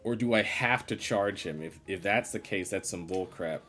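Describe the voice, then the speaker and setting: A man's voice: deep voice, moderate pace, fairly bright tone, soft background music. A man streaming live gameplay commentary, grumbling in an exasperated, sarcastic way.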